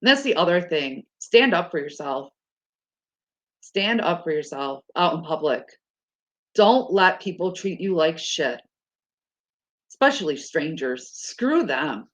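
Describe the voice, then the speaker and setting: A woman's voice: low voice, very animated, measured pace, pauses often, highs cut off. A woman talking frankly and casually, swearing freely and laughing often as she tells stories. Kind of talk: casual chat.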